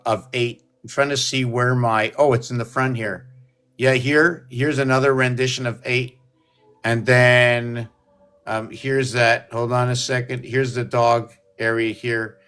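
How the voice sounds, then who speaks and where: A man talking to his own video, meandering and thinking aloud with many ums and pauses. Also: medium pitch, a bit bright, smooth. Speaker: video host. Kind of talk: rambling solo video talk.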